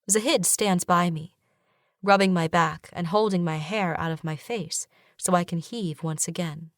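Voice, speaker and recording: Low-voiced woman narrating an audiobook. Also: no echo, clean studio sound. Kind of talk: first-person romantasy audiobook narration.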